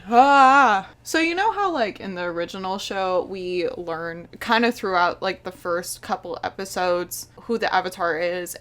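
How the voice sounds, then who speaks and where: A woman's voice: medium pitch, rough recording. A young woman in her twenties, an animator, giving a casual video review in an incredulous, sarcastic way, often laughing.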